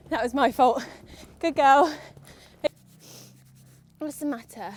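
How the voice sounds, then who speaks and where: Riding her horse in an outdoor arena, a young vlogger chats nervously with the horse and her audience. She speaks slowly in a high voice, with slight background noise.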